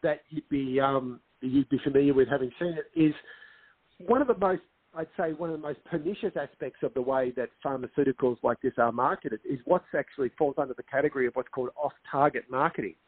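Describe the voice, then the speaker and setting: A man's voice: mid-range voice, expressive, quick pace, breathy edge, dry recording. A film director as a guest in a casual interview, explaining earnestly and acting out quotes as he tells stories. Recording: tinny phone-line sound.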